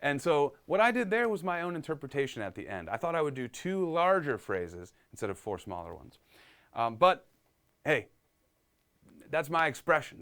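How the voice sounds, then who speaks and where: A man's voice: fairly high pitch, a bit bright. A man giving a live-streamed piano lesson, upbeat and chatty, reading viewer comments aloud and explaining as he goes. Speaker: piano teacher.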